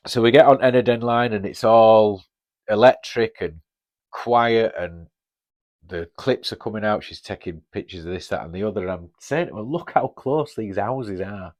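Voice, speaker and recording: A man's voice: on the low side, moderate pace. A man in his fifties with a Northern English accent, telling a casual story on his podcast in a chatty, blunt way and swearing freely. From Northern England. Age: 50s. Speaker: podcast host.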